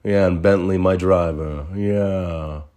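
A man's voice: sits low, steady tone, slow, warm tone. A man putting on a smug rich New Yorker. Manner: smug, showing off.

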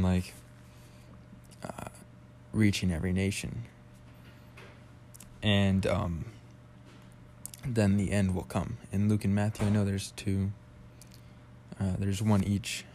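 Low, flat-voiced young man musing on scripture. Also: a little hiss or hum. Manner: loose, rambling, heavy use of "like". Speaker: podcast host. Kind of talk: casual Bible study podcast.

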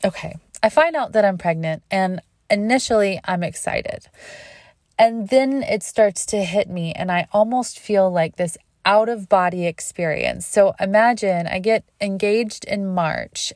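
A woman in her thirties telling a candid personal story, interrupting herself, laughing at her own words and dropping to a hush when she relives hard moments. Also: mid-range voice, dry recording, studio quality.

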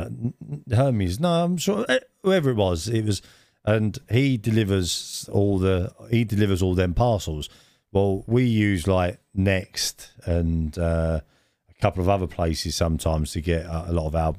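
Low-voiced man telling rambling stories. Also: darkish tone, no room sound, clean studio sound. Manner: rambling storyteller who laughs often. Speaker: podcast co-host. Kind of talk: casual podcast chat.

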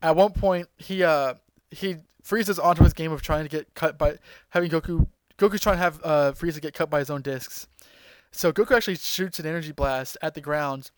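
A man hosting a podcast, recapping an episode in an excited, rambling way with lots of fillers and restarts. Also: on the high side, moderate pace, smooth, dry recording, poor audio. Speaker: podcast host.

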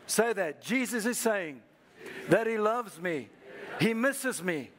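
A man with a high voice preaches to his congregation. He leads the room in call-and-response, asking listeners to repeat lines to their neighbours. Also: expressive, slow, a bit bright. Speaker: pastor. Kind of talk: sermon. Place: church service.

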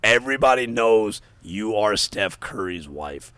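A man chatting with friends on a podcast, his voice rising and falling with lively swings. He swears freely and tells stories with animated emphasis. Close, dry sound. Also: fairly low pitch, measured pace, clean tone, dry recording. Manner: animated, profane, storytelling. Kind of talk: casual chat.

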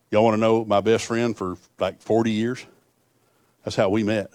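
A man's voice: fairly low pitch, flat delivery, moderate pace, darkish tone, dry recording. A middle-aged man preaching a sermon, telling folksy stories that swell into fervent appeals.

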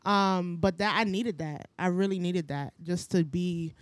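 Laughing, animated comedian woman. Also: lowish voice, a little slow, no echo. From Jamaican parents. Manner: animated, laughs often, playful. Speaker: comedian and content creator. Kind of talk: casual podcast chat.

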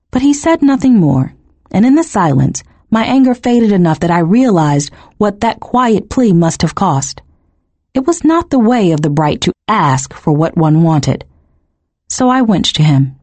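A woman narrating a first-person novel in an expressive, emotionally engaged reading. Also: medium pitch, breathy edge, no echo. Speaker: audiobook narrator.

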